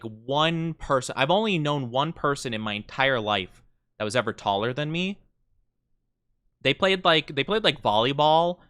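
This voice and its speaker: A man's voice: medium pitch, sharp tone, clean tone, no room sound. A young man streaming, chatting casually and reading chat aloud in a playful, mock-offended way with lots of fillers.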